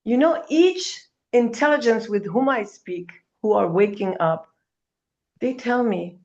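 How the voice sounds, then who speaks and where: A woman's voice: mid-range voice, expressive, measured pace, darkish tone, dull audio. A woman speaking as a gives an impassioned spiritual talk, emphatic, calling her listener darling and now and then swearing.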